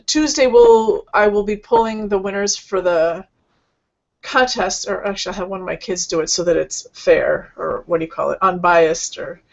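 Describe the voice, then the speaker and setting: A woman hosting an online healing session, speaking gently and rambling, with many fillers and restarts. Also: medium pitch, moderate pace, creaky, dull audio. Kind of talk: casual spiritual talk.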